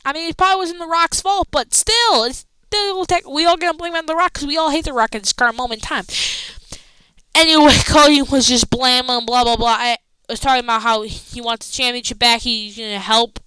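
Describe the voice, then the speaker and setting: A woman with a fairly high voice recaps a wrestling show in a loose, excitable ramble full of slangy asides. Her tone is bright and very crisp, and the sound is dry and close. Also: brisk, dry recording, low-quality recording.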